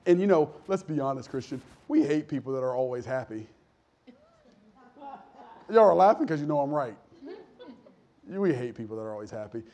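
A man preaching a sermon in a conversational, humorous way, acting out people in quick voices. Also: mid-range voice, warm tone. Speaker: pastor.

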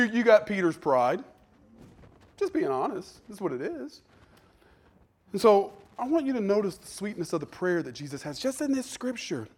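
Pastor guy preaching in church, pretty high voice, gets loud then goes quiet, acts out little voices. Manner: lively preaching, dropping to soft asides and acting out voices. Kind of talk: sermon.

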